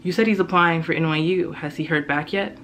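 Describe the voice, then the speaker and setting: A man's voice: fairly high pitch, a little fast, bright, forceful tone, slight background noise. A man reading aloud voices a fretful middle-aged small-town mother who presses with questions. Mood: prodding.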